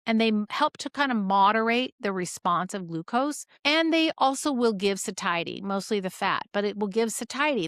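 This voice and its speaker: A middle-aged woman teaching clinicians in a lively, conversational way, full of rhetorical questions. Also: mid-range voice, dry recording, clean studio sound. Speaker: health educator.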